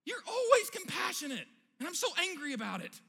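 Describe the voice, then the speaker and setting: A man's voice: wildly swooping pitch, brisk, vocal fry, sharp tone, long reverb tail, full character voice. A man voicing a petulant male prophet who whines and complains like a child in a tantrum. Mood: whiny tantrum. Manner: whiny, shrill complaining.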